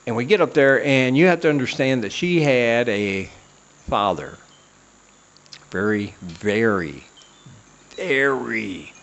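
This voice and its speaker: A podcast host tells a self-deprecating personal story on his comedy show, rambling and filling gaps with lots of "uh." His voice sits on the low side with a fairly bright tone.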